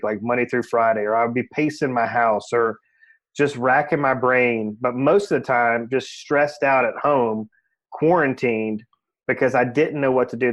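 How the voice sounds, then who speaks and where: Candid man telling his story. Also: mid-range voice. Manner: candid and self-reflective, heavy "you know" fillers. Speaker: podcast guest, real estate agent. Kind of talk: casual interview storytelling.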